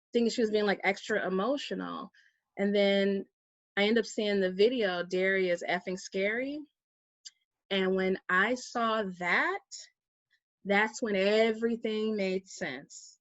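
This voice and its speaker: Woman telling a lively personal story. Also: mid-range voice, measured pace, pauses often, dry recording, lo-fi sound. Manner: animated, acts out quoted people in her story. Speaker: guest, vegan activist. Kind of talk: casual storytelling interview.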